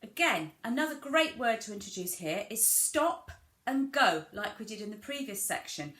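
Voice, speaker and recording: A woman giving a gentle instructional talk to parents, demonstrating play ideas and modelling simple words in an exaggerated sing-song way. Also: a little high, very animated, moderate pace. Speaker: family centre early years practitioner. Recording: echoey room with clear background noise.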